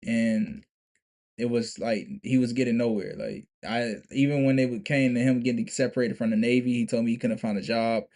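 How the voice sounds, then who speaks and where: A man's voice: medium pitch, fairly even intonation, normal speed, a little mellow. A young man telling a story to camera in a casual, profane, emphatic way, restarting and repeating himself often. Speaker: vlogger.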